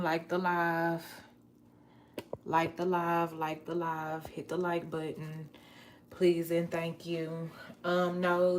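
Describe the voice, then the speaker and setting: A woman chatting casually on a livestream, playful and drawn-out, while washing dishes at home. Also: lowish voice. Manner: chatty, playful, drawn-out words, Southern US slang. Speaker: vlogger. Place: home kitchen.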